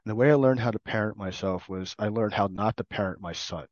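Middle-aged man, low voice, reflective recovery testimony in halting phrases; dry, slightly muffled sound. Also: a little mellow, no room sound. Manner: earnest, reflective, speaks in short halting phrases. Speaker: program participant sharing his story. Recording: dull, dry recording.

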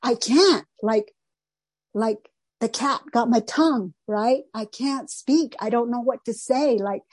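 A woman's voice: fairly high pitch, slow pace, a little mellow, breathy edge, no echo. Emotional woman sharing her recovery story. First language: not English. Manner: rambling, emotional, many restarts and "like". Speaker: recovery meeting speaker. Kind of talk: personal testimony.

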